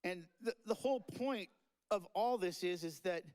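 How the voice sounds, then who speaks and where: A man's voice: high voice, moderate pace, a little mellow, clean tone, low-quality recording. A man giving a rambling, tearful and joking tribute speech at a memorial event. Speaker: eulogy speaker. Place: live-streamed memorial event.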